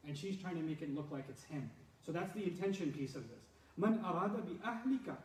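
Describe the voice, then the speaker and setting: Guy teaching scripture, high voice, mellow tone, lively, keeps acting stuff out, echoey room. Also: far from the mic. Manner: animated, acts out quotes, laughs often. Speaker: religious lecturer. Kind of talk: scripture lesson.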